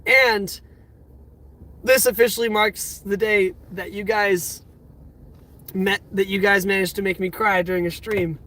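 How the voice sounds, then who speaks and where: A man's voice: high voice, fairly even intonation, unhurried, long pauses, sharp tone. A young man in his twenties hosting a live stream from his car, emotional and teary, with exclamations that keep tumbling out. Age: 20s. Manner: emotional, overwhelmed, repeating exclamations. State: teary, near crying. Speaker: livestream host. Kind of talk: casual live-stream chat. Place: inside a parked car.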